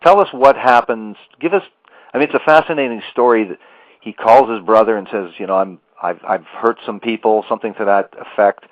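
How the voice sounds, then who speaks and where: A man's voice: mid-range voice, brisk, dry recording, highs cut off. A male radio host interviewing a guest, pressing for details with repeated emphatic phrases.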